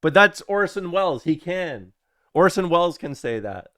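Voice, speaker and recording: A man's voice: a little high, sing-song, normal speed, sharp tone. A young man, a streamer chatting casually to his viewers in a rambling, jokey way. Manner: rambling, jokey, talks to chat.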